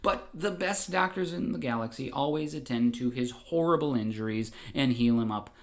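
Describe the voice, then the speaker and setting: A man narrating a comedic audio story in a brisk, deadpan way. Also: mid-range voice.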